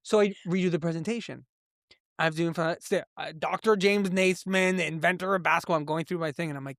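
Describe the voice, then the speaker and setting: A man who grew up in Canada tells a personal story as an interview guest, and he tells it in a lively way. His voice sits fairly high, and he jumps up sharply when he acts out the voices of people in his story. The sound is dry and close to the mic. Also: a little fast, no echo. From immigrant who grew up in Canada. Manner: lively storyteller acting out quotes with big pitch jumps. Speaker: guest, entrepreneur.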